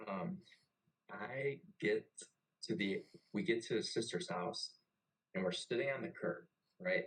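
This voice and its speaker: A young navy veteran tells a story loosely and casually. His voice sits on the low side, and he swears freely and keeps things animated. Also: measured pace, long pauses, low-quality recording. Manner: profane and animated. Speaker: podcast host and navy veteran.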